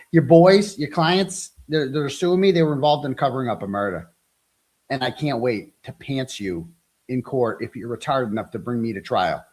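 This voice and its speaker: A man's voice: mid-range voice, moderate pace, darkish tone, slightly rough. A frustrated, overwhelmed man hosting a livestream, ranting in a profane, combative, taunting way. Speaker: livestream host. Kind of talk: angry livestream rant.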